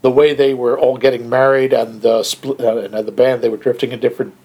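A man's voice: mid-range voice, flat delivery, brisk, creaky, a little mellow, breathy edge. A man co-hosting a casual podcast about a film, dry and wry, reacting with short interjections. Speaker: podcast co-host.

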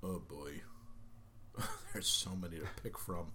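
A man's voice: low-pitched, fairly even intonation, takes it slowly, bright, forceful tone, a little hiss or hum. A man in casual chat, reviewing a film with sarcastic, dismissive remarks.

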